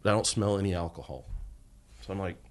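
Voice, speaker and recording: A man's voice: deep voice, fairly quick. A middle-aged man on a podcast, telling a long story and acting out the lines of the people in it. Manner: animated storyteller acting out quoted dialogue. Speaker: podcast guest, former federal agent.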